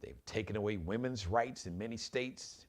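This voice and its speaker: A man's voice: on the low side, moderate pace. A man hosting his own live commentary show, talking in an impassioned, preachy way and urging his listeners directly. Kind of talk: opinionated solo commentary.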